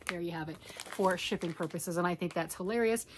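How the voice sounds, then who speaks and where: A woman's voice: lowish voice, brisk, slight background noise. A grandmother in her later years chatting casually about yarn in a rambling, self-mocking way. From United States. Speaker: yarn crafting vlogger. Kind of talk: casual chat.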